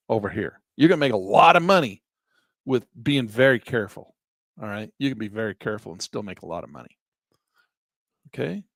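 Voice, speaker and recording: A middle-aged man giving a chatty screen-share lesson on day trading, calm in his explanations but now and then breaking into excited exclamations. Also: medium pitch, no echo.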